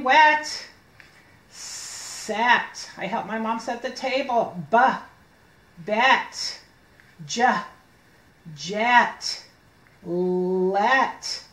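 A woman teaching young children to read, stretching out each letter sound in a slow, deliberate way. Her voice sits a little high and she praises often, talking to the kids as if they were right there. The recording has a noticeable roomy echo. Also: fairly bright tone. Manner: encouraging, speaking to children as if they were present. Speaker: reading teacher. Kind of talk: early reading lesson for young children.

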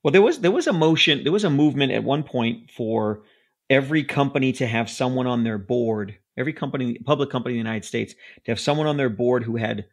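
A man's voice: medium pitch, animated, fast talker. A man co-hosting a podcast, talking emphatically about security with repeated words. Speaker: podcast co-host. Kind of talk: casual security podcast chat.

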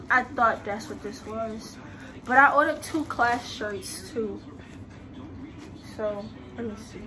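A teenage girl chatting casually to her viewers in a vlog, her voice hoarse and worn from cheering and a little out of breath. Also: a little high, unhurried, background noise. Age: late teens. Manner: chatty, talks straight to viewers. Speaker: vlogger.

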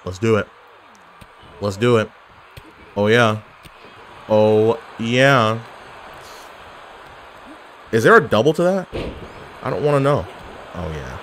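A man giving casual, animated commentary while playing an online wrestling game, yelling at his opponent and cracking jokes. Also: mid-range voice, slow, pauses often, a little hiss or hum. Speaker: gaming YouTuber.

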